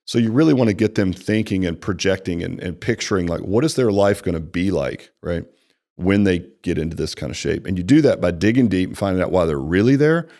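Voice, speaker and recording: A man with a lowish voice coaches staff on the sales conversation in an easy, talky way. He acts out both sides of the client meeting with animated shifts and keeps checking in with a quick "right?". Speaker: personal training franchise executive. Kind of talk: conversational sales training talk.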